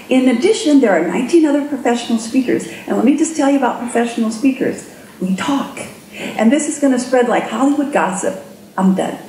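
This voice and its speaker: A fairly high-voiced middle-aged woman tells a lively story from a conference stage. She acts out the voices in her head as she goes, and her voice rings through an echoey room over a faint hum of ambience. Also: fairly quick. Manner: animated storyteller who acts out inner voices. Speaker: keynote speaker. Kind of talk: storytelling keynote talk.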